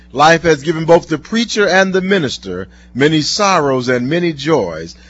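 A male preacher delivering a sermon, telling stories and reading scripture slowly and earnestly in a husky voice. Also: a little high, a bit bright. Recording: dull lo-fi recording.

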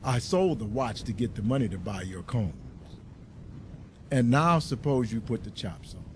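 A man reading aloud and voicing a young husband who speaks gently to his wife. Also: mid-range voice, a little hiss or hum, lightly acted. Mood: calm. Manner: slow and bewildered at first. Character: young husband, dazed then tender.

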